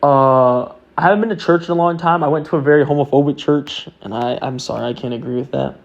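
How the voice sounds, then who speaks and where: A man's voice: a little high, quick pace, vocal fry. Earnest, rambling young man, lo-fi. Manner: earnest, rambling, with many fillers. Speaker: vlogger. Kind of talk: casual self-talk monologue. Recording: dull lo-fi sound.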